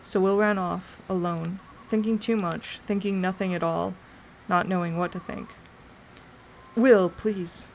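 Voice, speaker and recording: A woman streamer reading a novel aloud in slow, deliberate dramatic narration. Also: fairly low pitch, steady tone, creaky, a little hiss or hum, rough recording. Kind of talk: audiobook narration.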